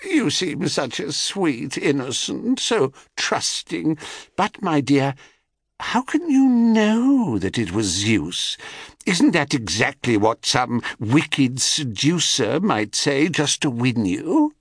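A cracked, croaking old crone, her voice pitched high and drawn out slowly. She wheedles and pries. The sound is dry and close. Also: very animated, dry recording, heavily acted. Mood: wheedling. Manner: wheedling, prying. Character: scheming goddess disguised as cackling old crone.

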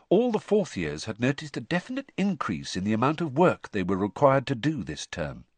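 A man narrating an audiobook in an expressive storytelling manner. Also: mid-range voice, normal speed, hardly any pauses, dry recording. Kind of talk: scripted narration.

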